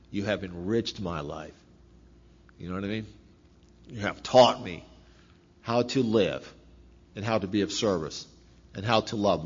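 A middle-aged man giving a rambling personal testimony, repeating phrases and laughing as he talks. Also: fairly low pitch. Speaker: speaker sharing recovery story. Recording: dull lo-fi recording with faint noise.

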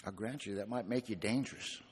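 A man voicing a gruff old male ex-gangster with a deep, gravelly voice who talks blunt, low and quiet, heard in a long-echoing hall. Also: a little fast. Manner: blunt, drawling, quieter and lower than the narrator.

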